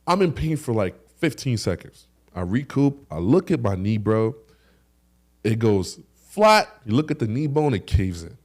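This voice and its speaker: A young man co-hosting a podcast, telling stories in a lively way and acting out the action with sound effects. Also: mid-range voice, measured pace. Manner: animated storyteller with sound effects. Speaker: podcast co-host. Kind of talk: casual podcast chat.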